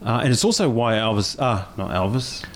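A man's voice: fairly low pitch, very animated, slight background noise. A man in his forties with a New Zealand accent, co-hosting a casual chat show and joking easily with the others. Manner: chatty, quick to joke. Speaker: co-host.

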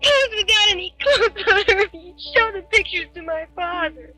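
A woman's voice: very high voice, lively intonation, moderate pace, bright, forceful tone, faint music behind, heavily acted, rough recording. An actress playing a naive, pleading teenage girl in a 1960s film, with a timid, tearful manner.

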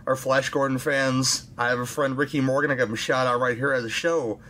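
Male podcast host, crisp bright voice, hesitant casual chat. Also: medium pitch, fairly even intonation, brisk, slight background noise. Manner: rambling, hesitant with fillers. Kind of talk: casual interview.

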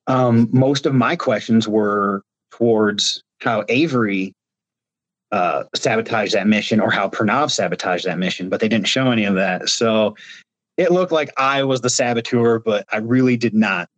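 Animated storyteller man from Ohio. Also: lowish voice, normal speed, no echo. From Ohio, United States. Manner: animated storyteller, gestures with his hands. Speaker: reality show contestant guest. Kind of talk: casual video interview.

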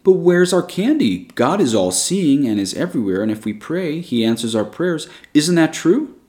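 A man reading a story aloud, voicing a gentle, persuasive female schoolteacher who speaks softly and coaxingly. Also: fairly high pitch, big pitch swings, moderate pace, pitched above the performer's own voice.

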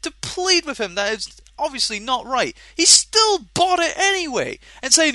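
This Scottish man's voice is very high-pitched, sing-song, bright and forceful, delivered at a measured pace without room sound. The game shop worker and podcast co-host rants in exasperation on a casual show, swearing freely and restlessly interrupting himself with stumbling restarts.

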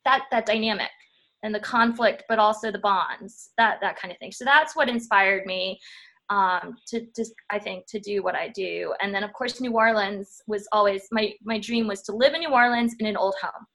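A woman's voice: mid-range voice, normal speed, fairly bright tone. Thoughtful woman historian. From Louisiana. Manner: thoughtful, frequent restarts and fillers. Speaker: historian guest. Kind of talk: casual interview talk.

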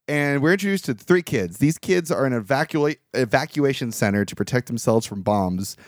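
A man's voice: mid-range voice, expressive, brisk, dry recording, clean studio sound. A man hosting a podcast who recaps a movie in casual chat, joking and laughing often. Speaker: podcast host.

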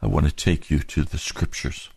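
A male preacher delivering an impassioned sermon full of rhetorical questions, climbing to high emphatic peaks. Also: moderate pace, vocal fry, darkish tone, slightly rough, no echo.

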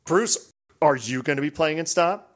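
A man hosting a podcast in a relaxed, rambling, casual chat. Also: on the high side, moderate pace. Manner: relaxed, rambling, drifts off mic at times. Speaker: podcast host.

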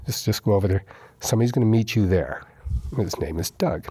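A man with a husky, fairly low voice, warm and mellow rather than bright. He tells his story casually and animatedly, acting out what others said and repeating himself for emphasis. The recording is dry and close. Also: brisk, dry recording. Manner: animated retelling, acts out quoted dialogue, repeats himself for emphasis. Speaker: guest sharing his recovery story.

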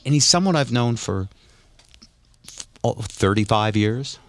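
A man's voice: medium pitch, expressive, unhurried. A man hosting a casual podcast, telling stories animatedly and laughing often. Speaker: podcast host. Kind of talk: casual chat.

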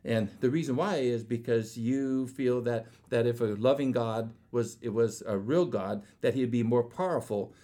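A man's voice: medium pitch, normal speed, hardly any pauses, dark tone. A man telling a personal faith story casually, rambling with many restarts and acting out what people said. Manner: rambling, stumbling restarts, acts out quoted dialogue.

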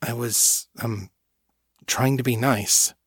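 A man's voice: mid-range voice, steady tone, slow, breathy edge, dry recording, clean studio sound. A man voicing an awkward young man with godlike powers, stammering and apologetic.

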